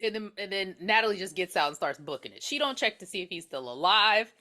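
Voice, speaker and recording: A woman's voice: medium pitch, lively intonation, pushed and bright. A woman co-hosting a podcast, joking and reacting in casual movie chat. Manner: laughing, quick reactions and jokes. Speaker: podcast co-host.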